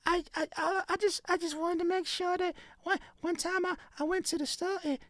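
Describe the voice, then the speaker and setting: A man putting on the voice of a frail, rambling little old lady, creaky and breathy, stammering over his words. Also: very high voice, fairly even intonation, fairly bright tone, no echo, pitched above the performer's own voice. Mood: doddering. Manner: halting, stammering repeats. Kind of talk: comic impression.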